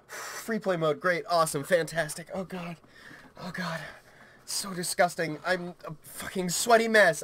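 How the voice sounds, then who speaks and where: A man's voice: high voice, steady tone, slow, pauses often, bright, forceful tone. Frantic swearing man on a headset. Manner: frantic, yelping, swearing constantly. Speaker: game commentator. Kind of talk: panicked horror-game let's play commentary. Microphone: headset mic.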